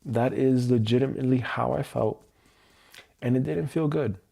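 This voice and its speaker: Male livestream host with a mellow, gravelly voice, reflective and open. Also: mid-range voice. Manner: slow, candid, searching self-reflection. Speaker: EFT tapping livestream host. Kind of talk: personal reflective livestream talk. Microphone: livestream mic.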